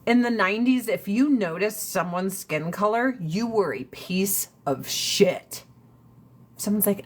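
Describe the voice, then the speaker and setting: A woman's voice: medium pitch, lively intonation, normal speed. Brash, foul-mouthed woman ranting on a livestream. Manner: laughs often between lines. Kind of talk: casual livestream chat with viewers.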